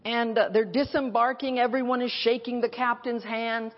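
A woman pastor from the United States preaching a sermon at a conference, speaking in emphatic, repeated declarations with dramatic pauses. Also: a little high, little pitch movement, dull audio. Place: conference hall.

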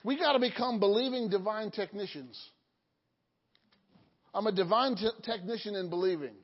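A woman's voice: medium pitch, moderate pace, husky. A woman preaching a sermon, quizzing the congregation with questions and dropping joking asides. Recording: dull lo-fi hall recording.

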